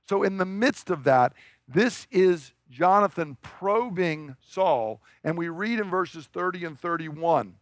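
A man's voice: high voice, fairly bright tone, dry recording. A man preaching a sermon in a conversational, storytelling way, often asking the congregation rhetorical questions.

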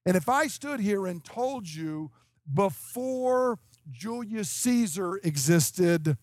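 A man in his fifties with a fairly high voice, recorded dry and close, preaching an expository sermon. He explains point by point and keeps asking his hearers "okay?". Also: expressive, slow, long pauses, a little mellow, dry recording. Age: 50s. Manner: emphatic, explanatory, checks in with "okay?". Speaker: preacher teaching scripture.

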